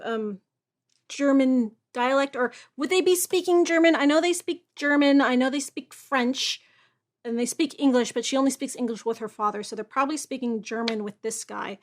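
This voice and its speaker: A young woman with a high voice reads a Gothic tale aloud, then drops into chatty, musing asides. Her commentary is wry and casual, lively next to the steady reading. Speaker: reader and host.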